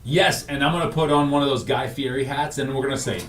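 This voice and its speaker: On morning radio, a male co-host chats casually, rambling, correcting himself, and laughing at his own jokes. His medium-pitched voice is steady and a bit bright, delivered fast with few pauses, and sounds reverberant and far from the microphone.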